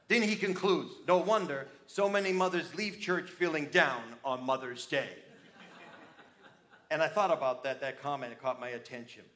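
A man preaching a sermon, animated and lively, dropping to quiet asides to his congregation. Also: high-pitched. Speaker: pastor.

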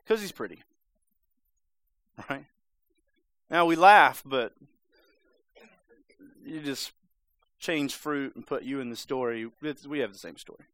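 A man's voice: mid-range voice, slow, pauses often, a bit bright, dry recording. A man preaching a sermon in a conversational, emphatic way, sometimes acting out voices. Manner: conversational, emphatic, acts out the serpent's lines.

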